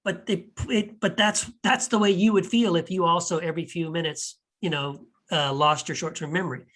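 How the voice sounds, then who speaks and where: A podcast host who is also an author chats enthusiastically about movies in a loose, off-the-cuff way, wandering, restarting his thoughts and posing puzzled rhetorical questions with animation. His fairly high voice is a bit bright, steady in tone and moderate in pace.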